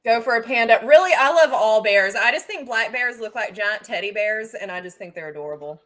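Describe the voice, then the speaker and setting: A woman hosting a casual livestream, chatting in a bubbly, excitable way that swings from loud bursts to soft asides. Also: fairly high pitch, a little fast. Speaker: livestream host.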